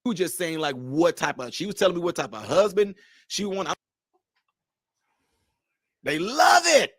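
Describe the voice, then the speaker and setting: A man's voice: fairly high pitch, animated, a little fast, dry recording. A man hosting a casual livestream, talking straight to his viewers, repeating his points emphatically. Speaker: livestream host.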